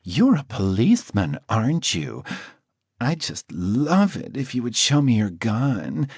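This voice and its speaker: A man's voice: medium pitch, huge pitch swings, unhurried, darkish tone, husky, dry recording, studio quality, heavily acted. A man putting on a coy, lisping male caller. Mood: flirtatious. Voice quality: slight lisp. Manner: coy, teasing. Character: effeminate male caller with a slight lisp, flirtatious. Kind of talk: audiobook character voice.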